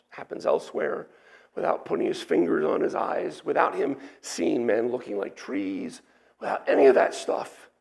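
A man's voice: on the high side, creaky, darkish tone. A man preaching a sermon, explaining a scripture passage verse by verse in a teacherly way, with asides and restarts. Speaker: pastor. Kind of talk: expository sermon.

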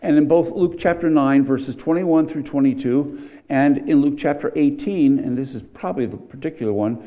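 A man's voice: a little high, moderate pace, warm tone. A middle-aged man preaching a sermon in a conversational way, with asides and restarts. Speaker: pastor.

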